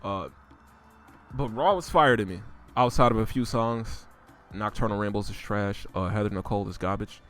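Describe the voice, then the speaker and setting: A man casually ranting on his own channel, swearing freely and using slang, his voice climbing higher and louder as he gets worked up. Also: moderate pace, soft background music. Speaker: host reviewing rap lyrics. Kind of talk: casual rant.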